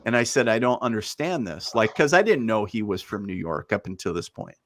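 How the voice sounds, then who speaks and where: A man's voice: lowish voice, expressive, brisk, a bit bright, no room sound. A man, a guest medium, telling stories in a casual, rambling way with lots of fillers. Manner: rambling, many fillers, laughs easily. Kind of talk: casual storytelling.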